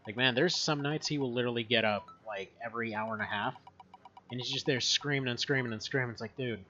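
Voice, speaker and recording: A man's voice: mid-range voice, quick pace, pushed and bright, highs cut off. Chatty rambling man streaming a game. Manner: rambling and chatty, laughs often. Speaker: gaming streamer. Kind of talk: casual gameplay commentary. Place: home.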